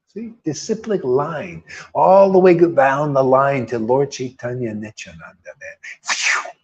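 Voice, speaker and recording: This spiritual teacher speaks in a mid-range voice with the highs cut off, preaching informally to a small group. His delivery is emphatic and casual, full of blunt, mocking remarks and cursing, and "man" comes up often when he addresses people.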